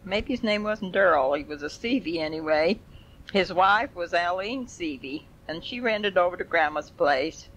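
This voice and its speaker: A woman's voice: fairly low pitch, expressive, measured pace, fairly bright tone, poor audio. An older woman telling family stories in a folksy, rambling way with chuckles. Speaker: family storyteller. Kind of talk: oral history reminiscence.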